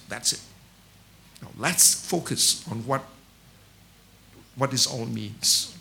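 A man's voice: a little high, unhurried, creaky, pauses often. A middle-aged man preaching a sermon, telling stories with rhetorical questions and restarting phrases by repeating words. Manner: animated storytelling with rhetorical questions.

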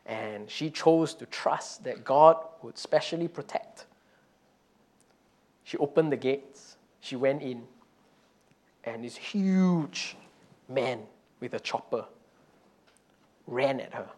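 A man's voice: medium pitch, slow, long pauses, darkish tone. A man preaching a conversational sermon and telling a story, with frequent "you know" fillers and restarts. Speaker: pastor.

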